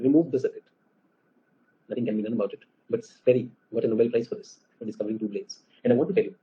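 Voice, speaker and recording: A man lectures a class with an Indian English accent, animated and always checking whether the students follow. He talks at a brisk clip in a mid-pitched voice. The recording sounds muffled and lo-fi. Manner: animated, asks the class questions often. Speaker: teacher.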